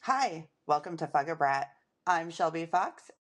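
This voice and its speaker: A woman hosting her own podcast, telling stories in an animated way and acting out the voices of the people in them. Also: low-pitched, measured pace, very noisy. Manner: animated, acts out quoted voices. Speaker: podcast host. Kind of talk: solo podcast storytelling.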